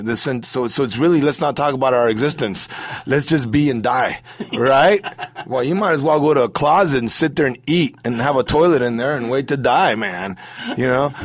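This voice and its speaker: A male comedian, a guest in a casual interview, telling stories in an animated way and scattering "man" and "bro" through his talk. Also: medium pitch, normal speed, no echo. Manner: animated storyteller who keeps saying "man" and "bro".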